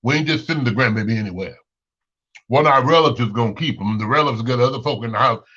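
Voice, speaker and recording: On a muffled lo-fi recording, a Chicago-accented host in his thirties preaches through a casual opinion monologue, repeating himself to stress points. He talks quickly in a mid-range voice that is bright and forceful.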